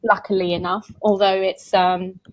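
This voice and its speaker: A woman's voice: mid-range voice, little pitch movement, moderate pace, poor audio. A woman, a tarot reader chatting as an interview guest and telling stories with frequent laughs. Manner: chatty storyteller who laughs often. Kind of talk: casual conversational interview.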